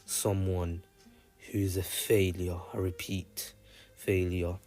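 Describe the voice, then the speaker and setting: A man's voice: low-pitched, level tone, slow, dark tone, soft background music. A man voicing a despairing young male ninja who calls himself a failure, speaking bitterly and repeating himself.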